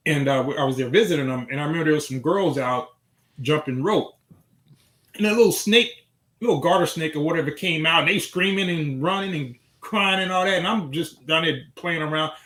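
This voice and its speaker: A man from Chicago hosts a casual talk show, easing into a relaxed childhood story. His voice sits a little high. The room around him rings with echo. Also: moderate pace. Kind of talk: casual chat.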